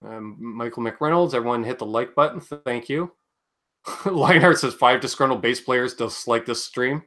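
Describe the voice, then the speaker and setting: A man's voice: mid-range voice, normal speed, pushed and bright. A man hosting a casual livestream chat, joking and reading viewer comments aloud. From Canada. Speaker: livestream host.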